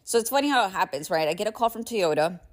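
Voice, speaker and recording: A woman's voice: mid-range voice, animated, fast talker. A woman podcast host telling a personal story in a candid, casual way, swearing freely and chuckling often, sounding tired.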